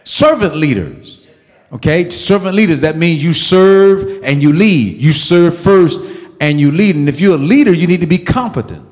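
A man preaching a sermon as pastor of his church, emphatic, swinging from loud outbursts to soft asides and repeating phrases for emphasis. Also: fairly high pitch, expressive, moderate pace, long reverb tail.

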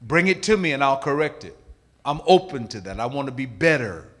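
A middle-aged male pastor preaching a sermon, emphatic, swinging from loud calls to hushed asides. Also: mid-range voice, sing-song, brisk.

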